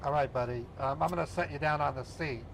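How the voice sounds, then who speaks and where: A man's voice: a little high, quick pace, vocal fry, noisy background. A man hosting a live scambaiting stream, chatting casually with viewers and playing along eagerly with a scammer on the phone. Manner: playful, chatty, feigns eager excitement to the scammer. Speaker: scambaiting livestream host. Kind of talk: casual livestream chat.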